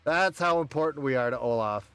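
A man's voice: medium pitch, lively intonation, brisk, fairly bright tone, smooth, dry recording, faint music behind. A man streaming a game, chatting casually with friends, rowdy, joking and swearing a lot. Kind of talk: casual live-stream chat.

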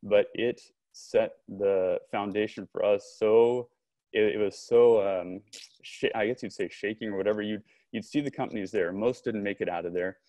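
A man, a podcast guest and company co-founder, telling a long story in an animated conversational way, acting out remembered dialogue. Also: on the low side, moderate pace, no room sound. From Southern California. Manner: animated storyteller, frequent restarts and quoted dialogue.

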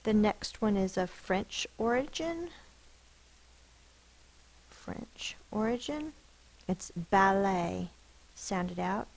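A woman teacher patiently gives a spelling lesson, slowly and carefully sounding out words and explaining the rule behind each sound. Her voice is medium-pitched, animated, and gravelly, and the recording is low quality.

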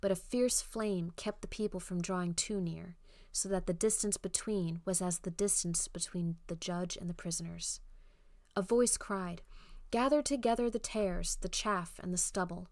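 A woman's voice: fairly low pitch, steady tone, moderate pace, darkish tone, dry recording, natural voice. A woman voicing a trembling, frightened man who tells of a terrifying dream in a fearful, urgent way.

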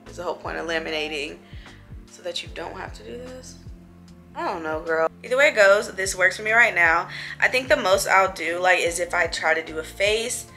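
Bright-voiced chatty young woman vlogger. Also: lowish voice, fairly quick. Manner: chatty, playful, talks to viewers as girls. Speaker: beauty vlogger. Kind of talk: casual chat to camera. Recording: faint music behind.

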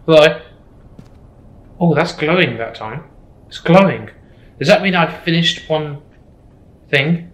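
Jittery, swearing gamer. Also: male voice, fairly high pitch, lively intonation, takes it slowly, pauses often, a bit bright, roomy sound, dull audio. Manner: jittery, swearing, keeps repeating himself. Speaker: gameplay streamer. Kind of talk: horror game commentary.

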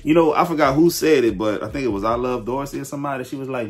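Blunt, emphatic reaction host. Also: male voice, medium pitch, fast talker, hardly any pauses. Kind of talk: casual commentary.

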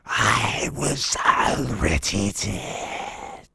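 A man voicing a cold, menacing vampire bat-monster vigilante in a comic recap, speaking in a gravelly, half-whispered growl. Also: on the low side, lively intonation, extremely slow, bright, forceful tone, no room sound, pitched below the performer's own voice, heavily acted. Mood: grim. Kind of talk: comedic comic recap voice acting.

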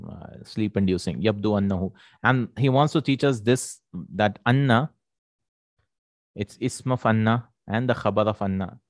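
Male Arabic teacher, lowish voice, dry recording; patient explainer who repeats terms and checks for understanding. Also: no echo. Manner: checks in with "right?" and "hmm?", repeats Arabic words slowly. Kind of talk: explaining a textbook lesson.

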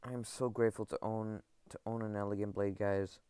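A man giving excited gameplay commentary to his viewers. He stammers and repeats himself and keeps calling them guys. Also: fairly low pitch, fairly quick, clear, resonant tone, no room sound. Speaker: gaming video creator.

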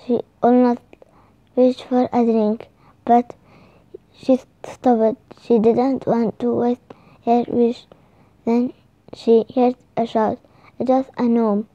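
A woman reading a children's storybook aloud, haltingly, with restarts. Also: fairly high pitch, dark tone, dry recording. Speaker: reader. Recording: slightly dull lo-fi recording.

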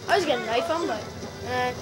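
A woman giving live commentary while playing a shooter game, excitable and often yelling and squealing at the action. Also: high voice. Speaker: gameplay video maker. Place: at home playing a video game.

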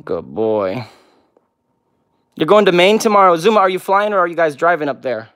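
A man's voice: on the high side, big pitch swings, moderate pace, a bit bright. A man hosting a casual livestream with viewers, answering comments one by one and cooing baby talk at his pets. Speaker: pet vlog host.

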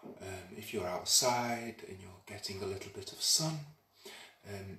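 A man's voice: low-pitched, unhurried, bright, forceful tone. A man hosting an online dance party, chatty and playful as he greets viewers by name. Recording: roomy sound, away from the mic.

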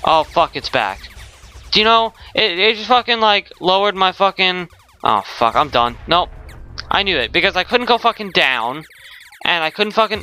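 A man's voice: high voice, lively intonation, moderate pace, pushed and bright, clean tone, soft background music. A young man giving rage gameplay commentary, swearing constantly with exasperated outbursts. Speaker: gaming YouTuber.

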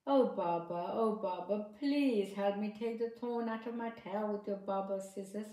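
A woman voicing a small, pushy, wandering male mouse in a storybook with bright, pleading sing-song lines. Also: medium pitch, normal speed, natural voice. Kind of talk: storybook narration. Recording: echoey room.

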